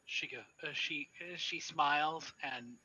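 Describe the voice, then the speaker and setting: A man narrating as game master of a tabletop horror game, relaxed and descriptive with frequent hesitations. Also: fairly high pitch, a little slow, breathy edge, no room sound, poor audio.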